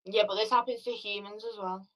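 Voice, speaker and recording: A woman's voice: mid-range voice, fairly even intonation, a little fast. A woman chatting with a stranger online, rambling and hesitant, full of fillers. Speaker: stranger on a video chat. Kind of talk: casual chat. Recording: voice distant from the mic.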